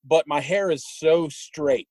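Slowly and warmly, a young guest with a slightly high voice rambles through casual stories from his past, chuckling as he talks. The sound is close and dry with no room around it, and the recording quality is low.

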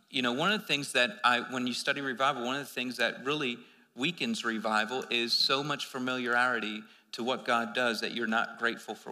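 A man's voice: medium pitch, pushed and bright, big-room sound. A man preaching a sermon, telling a story in a loose, rambling way with many restarts.

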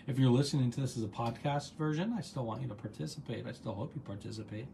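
A man's voice: medium pitch, steady tone, fast, vocal fry, noisy background. Chatty man leading a gratitude session. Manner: chatty and encouraging, reads chat comments aloud, rambles into side stories. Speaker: host and coach leading a live online session. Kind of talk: casual guided gratitude practice on a livestream.

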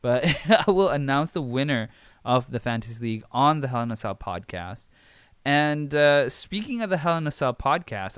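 A man's voice: mid-range voice, expressive, a little slow, smooth, no room sound, clean studio sound. A man hosting a solo podcast, casual and rambling, swearing freely and correcting himself as he goes; he says he keeps switching between accents. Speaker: podcast host.

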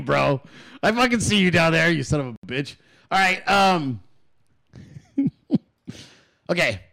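A man hosting a political show, ranting in heated, profane commentary and repeating words for emphasis. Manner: swings in pitch and loudness.

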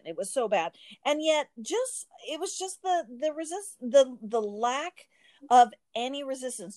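A woman's voice: fairly high pitch, a little mellow, dry recording. A woman in casual podcast conversation, telling a personal story animatedly, often restarting her sentences.

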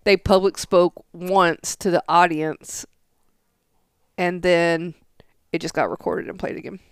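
A woman's voice: lowish voice, fairly even intonation, unhurried, clear, resonant tone, no echo, studio quality. A young woman co-hosting a casual podcast, rambling and arguing her point with many fillers. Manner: rambling, argumentative, filler-heavy. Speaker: podcast co-host.

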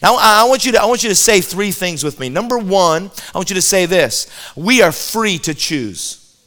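Male preacher, high and sharp voice, comic storytelling sermon, acts out quotes. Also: normal speed. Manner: lively, joking storyteller who acts out quoted characters.

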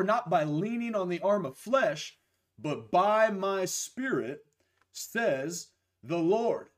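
A young man preaching a live-streamed sermon, a little hoarse from losing his voice, slowing down to stress key phrases and greeting viewers by name. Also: fairly high pitch.

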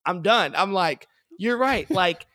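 A man's voice: high voice, lively intonation, slow, pushed and bright, no echo, studio quality. A man co-hosting a casual sports podcast, telling a story in a jokey way and laughing often. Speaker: podcast co-host.

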